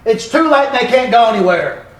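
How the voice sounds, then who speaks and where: A man teaches a Bible passage in an animated, joking way. His voice sits high for a man. He sounds distant from the mic, in an echoey church room. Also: normal speed.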